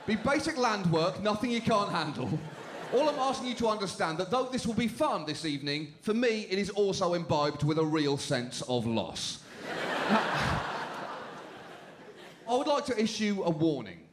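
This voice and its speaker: A British man hosting a stand-up show, delivering jokes with dry deadpan timing on a club stage. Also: high voice. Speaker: comedy show host. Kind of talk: stand-up comedy. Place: comedy club stage with live audience. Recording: laughing crowd and room noise.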